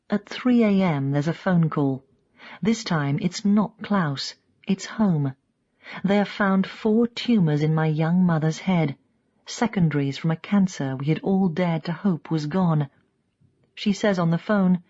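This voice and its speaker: Woman reading a memoir-style audiobook, low-ish and calm, muffled lo-fi audio. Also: a little slow. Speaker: audiobook narrator. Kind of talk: first-person audiobook narration.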